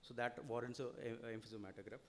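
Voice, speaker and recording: A man with an Indian English accent delivers a seminar lecture at a very fast clip. His voice sits at a middle pitch, and he keeps his explanations rolling with frequent "you know" and checks of "okay?". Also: level tone, slight background noise. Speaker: lecturer on audit reporting.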